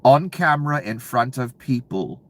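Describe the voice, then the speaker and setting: A man delivering a profane, angry political rant to viewers, dropping to low mutters and then bursting out loud. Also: expressive, normal speed. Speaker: commentary channel host.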